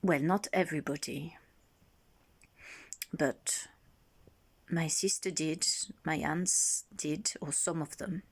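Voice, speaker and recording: Slow-talking low-pitched woman musing aloud. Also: steady tone, breathy edge. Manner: musing, thinking aloud with pauses. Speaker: vlogger. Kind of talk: reflective self-recording.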